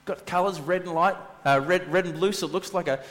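A man's voice: sits high, a little fast. A married male pastor preaching a sermon, telling stories animatedly and acting out voices. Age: adult, married. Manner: animated storyteller, acts out voices, repetition for emphasis. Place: church hall. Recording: long reverb of a church hall.

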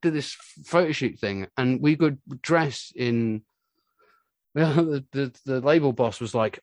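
A man in his forties, a musician being interviewed, telling stories in a rambling, animated way with lots of filler words. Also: medium pitch, takes it slowly, no room sound. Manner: rambling, animated storytelling full of "you know". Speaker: musician guest. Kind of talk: casual interview chat.

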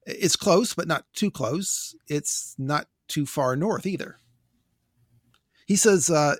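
Male podcast host, mid pitch, dry close sound, wry and wordy, trips on words. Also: slow, dry recording. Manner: wordy, stumbles over pronunciations, wry. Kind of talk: casual book discussion, reading listener notes.

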